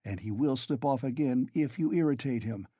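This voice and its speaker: A man voicing a tipsy, blustering young friend in an audiobook, loud and urgent. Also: mid-range voice, normal speed, no room sound, lightly acted.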